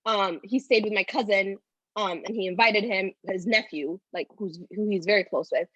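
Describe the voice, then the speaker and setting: A woman's voice: medium pitch, normal speed, fairly bright tone, dry recording, muffled recording. A woman in her thirties, a podcast guest telling personal stories in a casual, rambling way that is full of "like". At times she sounds tearful. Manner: talks in loose run-on phrases full of "like". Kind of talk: casual conversational storytelling.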